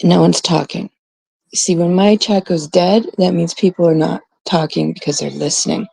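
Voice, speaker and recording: A middle-aged woman from Canada hosting her own live stream, blunt and exasperated, swearing as she talks to her chat. Her voice is dark and gravelly. It sits in a dry, close sound. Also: on the low side, fairly even intonation, normal speed, no echo. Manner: blunt, exasperated, swears freely, quotes others mockingly. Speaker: livestream host. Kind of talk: casual live-stream rant.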